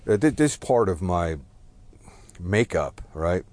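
Deep-voiced man rambling about his life. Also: lively intonation, takes it slowly, darkish tone, dry recording. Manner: rambling, self-deprecating, swears and apologizes. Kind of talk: personal reflective monologue.

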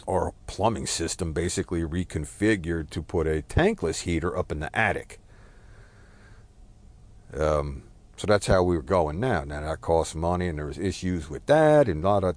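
A man's voice: low-pitched, a little mellow, no echo. A man talking through a rambling, self-deprecating personal monologue, swearing now and then and apologizing for it.

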